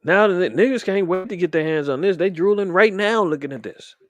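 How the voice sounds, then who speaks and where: A man's voice: sits high, a little fast, dry recording, muffled recording. A man hosting a casual commentary stream, talking in a loose, indignant, rambling way with many fillers and restarts. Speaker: show host commentating on current events.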